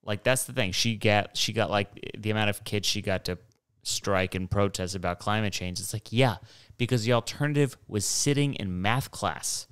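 Young guy rambling on his podcast, lowish smooth voice, dry close sound, swears a lot. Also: moderate pace, a bit bright, no room sound. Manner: digressive, profane, mocking asides. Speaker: podcast host. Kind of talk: rambling solo monologue.

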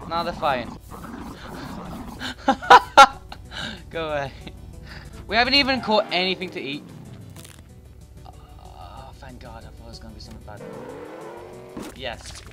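A man giving profane, excitable commentary while playing a game, with sudden yelled outbursts. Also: medium pitch, measured pace, long pauses. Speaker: gaming YouTuber. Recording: game music behind voice.

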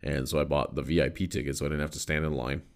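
American man, extremely low voice, gravelly, rambling casual podcast story. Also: steady tone, very fast. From United States. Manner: rambling, loose, with fillers and swearing. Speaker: podcast host.

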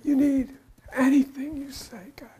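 A man's voice: extremely high pitch, steady tone, dark tone, pitched above the performer's own voice. A man voicing a very old, eager patriarch who fawns over God. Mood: fawning. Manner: fawning, slow and eager. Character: ancient grateful old man Abraham, fawning.

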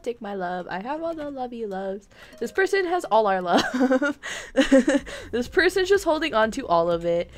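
Female streamer, high voice, unhurried delivery, playful and giggly, light game music underneath. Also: big pitch swings. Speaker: gaming streamer. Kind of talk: live game commentary. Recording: faint game music behind.

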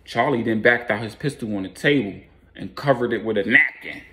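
A man's voice: mid-range voice, fairly quick, pushed and bright. A man casually narrating a street story in laid-back slang with fillers.

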